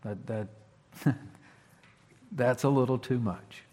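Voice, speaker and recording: A man preaching in a plainspoken, folksy way, stopping to restart phrases and leaning hard on key words. His voice sits at an ordinary pitch and carries the long reverb of a church sanctuary. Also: slow. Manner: folksy, plainspoken, restarts often, animated emphasis. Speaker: pastor. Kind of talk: conversational sermon.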